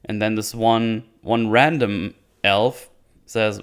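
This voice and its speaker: A man's voice: fairly low pitch, fairly even intonation, unhurried, clear, resonant tone. Sarcastic rambling male reviewer. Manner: sarcastic, rambling, laughs often. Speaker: video reviewer. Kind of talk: casual commentary.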